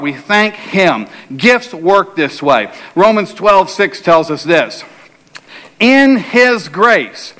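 A man's voice: high-pitched, a bit bright. A middle-aged male pastor preaching a sermon, telling a humorous personal story before building to emphatic preaching.

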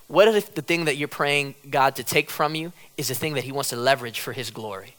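A man preaching a sermon, conversational and humorous, acting out quotes dramatically and rising at times to loud cries. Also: mid-range voice, fairly quick, few pauses. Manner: dramatic, acts out quotes, rises to shouts.

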